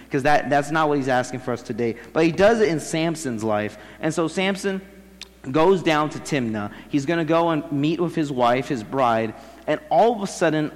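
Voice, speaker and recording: A young man giving a casual, slangy sermon and acting out the quoted voices as he retells a story. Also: on the high side. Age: young adult. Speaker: seminary student preaching. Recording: long hall reverb.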